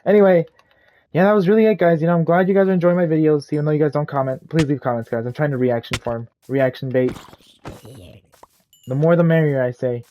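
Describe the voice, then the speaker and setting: A man's voice: on the high side, steady tone, fast talker, muffled recording, slight background noise. Profane, rambling young man. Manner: profane, rambling, self-deprecating. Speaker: gaming YouTuber. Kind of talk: casual storytime over gameplay.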